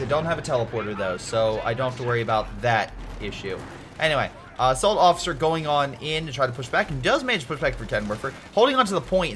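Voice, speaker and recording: A man with a mid-range voice casually commentates a strategy game replay, animated and excitable, cracking jokes and swearing at the screen.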